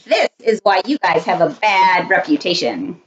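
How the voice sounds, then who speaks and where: A woman's voice: fairly low pitch, very animated, moderate pace, dull audio, pitched below the performer's own voice. A woman voicing a polite, fussy talking train in a picture book, speaking mildly and matter-of-factly. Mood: dry.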